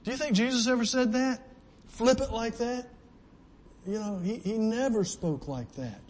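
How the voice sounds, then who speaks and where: A man with a high voice preaches an earnest sermon in a large church hall where the sound rings long. He pleads with his listeners and asks question after question. He often repeats a word as he restarts. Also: moderate pace, a little mellow.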